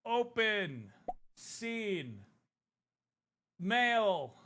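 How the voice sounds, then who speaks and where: Speaking extremely slowly but very animatedly, a young man chats playfully with viewers on a casual livestream while mildly out of breath. His high voice has a sharp tone, with a little hiss or hum in the background.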